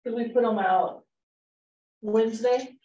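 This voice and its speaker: A woman's voice: a little high, fairly even intonation, unhurried, mellow. A woman in a casual group discussion, thinking aloud and a little unsure. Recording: roomy, distant, dull table mic.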